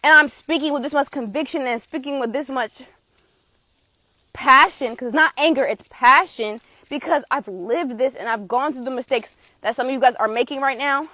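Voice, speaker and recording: A woman, a tarot reader giving a passionate, forceful live spiritual reading with blunt swearing. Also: high-pitched, moderate pace, no room sound. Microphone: streaming setup.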